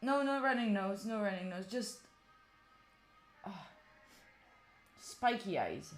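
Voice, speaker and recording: Slow yet very animated, her medium-pitched voice belongs to an Italian live streamer whose native tongue is Italian. She chats casually with her viewers, addresses chat directly and thinks aloud as she gets set up.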